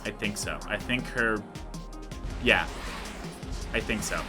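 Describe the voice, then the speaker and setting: A man's voice: fairly low pitch, takes it slowly, music in the background. A young man giving casual, rambling, self-deprecating commentary while playing a video game. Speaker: let's play host.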